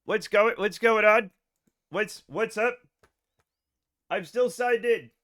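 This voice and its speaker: A man's voice: high voice, slow, a bit bright. A man hosting a casual game livestream from home, rambling and scattered, joking at his own expense. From United States. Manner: rambling, scattered, self-mocking. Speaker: game streamer.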